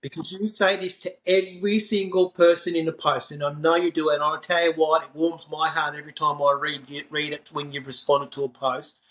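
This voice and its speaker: A man's voice: on the high side, little pitch movement, brisk, hardly any pauses, a bit bright, poor audio. A man, hosting a podcast interview. He talks in an effusive way and is generous with his praise. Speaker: podcast host.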